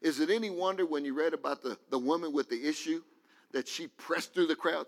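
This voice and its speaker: A man preaching a fervent sermon as pastor, now and then rising to shouts. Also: fairly high pitch, fairly quick, in a large hall.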